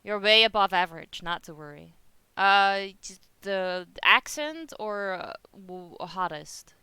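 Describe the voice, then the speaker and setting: A woman's voice: mid-range voice, lively intonation, slow pace, bright, forceful tone, smooth, no room sound. A young woman with a Dutch accent, chatting casually with her live-stream viewers and laughing often. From Netherlands. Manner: chatty, giggly, reads chat aloud.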